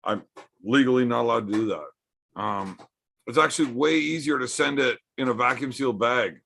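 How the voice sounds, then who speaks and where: A man's voice: medium pitch, normal speed, gravelly, pushed and bright. A man hosting a casual livestream from home, bantering with chat in a joking, profane way. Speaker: livestream host.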